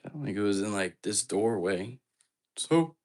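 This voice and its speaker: A man's voice: lowish voice, normal speed. A man hosting a live ghost-hunting stream from an apartment at night, chatting casually and jumpily straight to his viewers. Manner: chatty, jumpy, talks straight to his chat.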